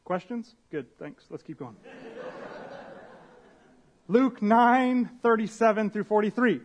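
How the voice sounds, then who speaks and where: A man's voice: sits high, lively intonation, takes it slowly. A young man preaching a sermon as a pastor, casual and conversational, with slang, restarts and Bible readings.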